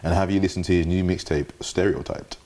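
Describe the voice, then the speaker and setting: Young male interviewer, deep voice, laid-back rambling questions. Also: fairly quick. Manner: relaxed, loose questions full of restarts and fillers. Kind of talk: casual interview chat.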